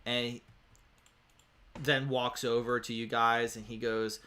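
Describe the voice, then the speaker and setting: A man's voice: mid-range voice, level tone, slow, sharp tone. A man narrating a tabletop role-playing game as game master, in a casual, rambling way full of fillers.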